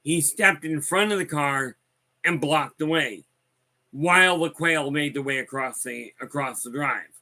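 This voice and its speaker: A man with a bright, forceful voice and a slightly raised pitch rambles through folksy stories with a wry edge. He talks casually, as a host answering comments from his viewers. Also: measured pace. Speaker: host of a live talk stream. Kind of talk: casual storytelling chat.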